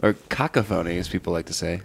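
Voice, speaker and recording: A man's voice: low-pitched, fast talker, creaky, breathy edge. Joking man co-hosting a podcast. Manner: joking, laughs often, swears. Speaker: podcast co-host. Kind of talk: casual comedic banter.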